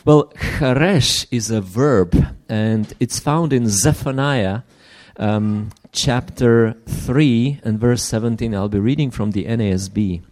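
A man preaching a sermon in English, which is not his first language. He speaks earnestly, often restarts, and drops to hushed asides. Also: medium pitch, slow pace, hardly any pauses.

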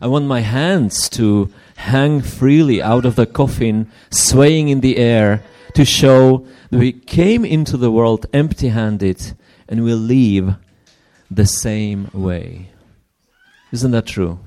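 A man preaches a sermon in English, his second language, speaking earnestly and slowly in a mid-range voice. He restarts often and sometimes drops into hushed asides.

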